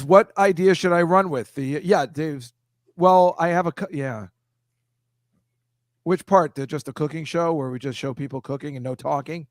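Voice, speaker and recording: A man's voice: fairly high pitch, no room sound, studio quality. A middle-aged man, a comedian hosting a casual video-call chat, rambling and self-deprecating, dropping into silly voices now and then. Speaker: comedian host.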